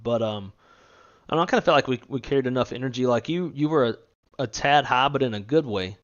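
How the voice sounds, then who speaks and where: A man co-hosting a live flight-simulator stream in casual chat, relaxed, laughing often and swearing offhandedly. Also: medium pitch, fast, muffled recording. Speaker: stream co-host.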